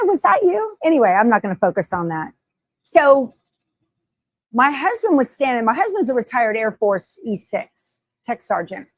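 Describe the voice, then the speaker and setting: A middle-aged woman with a higher-pitched voice hosts a casual sewing livestream, chatting, laughing often and reading viewers' comments aloud. There's no echo on the recording.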